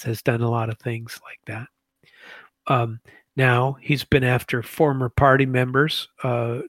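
Gravelly man, halting commentary. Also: medium pitch, fairly bright tone, no echo. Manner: halting, many fillers and restarts. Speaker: political commentator. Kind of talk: casual commentary monologue.

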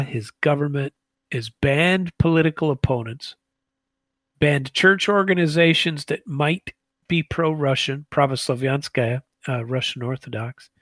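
A man giving a casual political commentary monologue, halting with many fillers and restarts. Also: mid-range voice, a bit bright, no room sound.

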